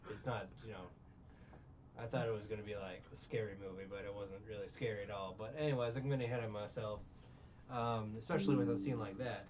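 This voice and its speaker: A man casually recapping an old movie in a podcast chat, sarcastic and lively when he mimics the characters. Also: on the low side, fast, distant mic. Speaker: podcast co-host. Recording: muffled lo-fi recording from off-mic with faint hiss.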